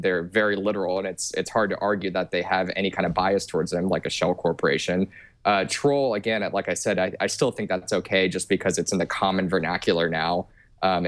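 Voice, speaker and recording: Deep-voiced, hesitant male panelist. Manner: hesitant, many fillers and restarts. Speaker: panel guest. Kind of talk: casual opinion on a talk panel.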